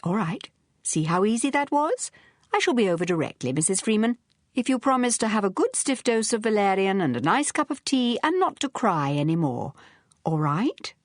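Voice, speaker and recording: A woman voicing a brisk, witty young society woman detective with a crisp, commanding manner in an audiobook. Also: mid-range voice, big pitch swings, dry recording, studio quality, voice pushed up.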